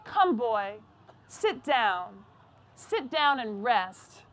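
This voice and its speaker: Storybook role: a tender, giving old apple tree, high and slow, read by a woman. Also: big pitch swings, exaggerated voice.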